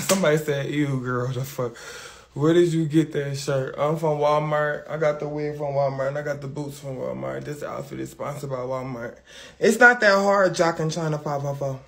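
A man's voice: fairly high pitch, creaky, fairly bright tone. A man hosting a livestream, chatting with viewers in a brash, profane, talkative way. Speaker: livestream host. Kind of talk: casual livestream chat.

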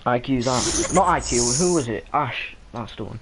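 Man, gamer on voice chat, crude banter, steady middle pitch, noisy line. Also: normal speed, few pauses. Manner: crude, joking, laughs often. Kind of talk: casual chat while gaming.

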